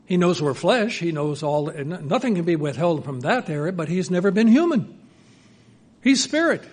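Earnest preacher man, hushed to emphatic. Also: high voice, very animated, moderate pace, husky. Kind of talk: sermon.

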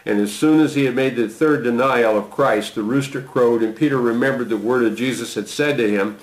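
A man preaching a sermon, reading scripture aloud with a lifted voice and dropping into quiet, conversational asides. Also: normal speed, few pauses. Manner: lifts voice to read quoted lines, drops low for reflection. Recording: roomy echo.

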